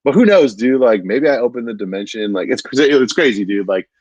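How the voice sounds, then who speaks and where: Brisk and lively in intonation, a man with a medium-pitched, slightly mellow voice tells a rambling stand-up story in casual conversation. He leans on "dude" nonstop and fills gaps with "like." It's a dull, lo-fi, dry recording with no echo.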